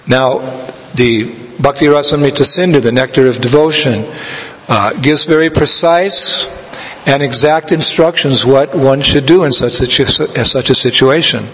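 A man giving a scripture lecture as a spiritual teacher, telling stories in a measured way and laughing now and then. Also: medium pitch, a bit bright. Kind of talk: sermon. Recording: long hall reverb.

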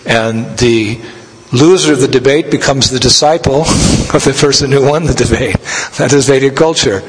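Man, sermon, storytelling, measured delivery, mid pitch, echoing hall. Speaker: spiritual teacher giving a scripture lecture. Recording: long hall reverb.

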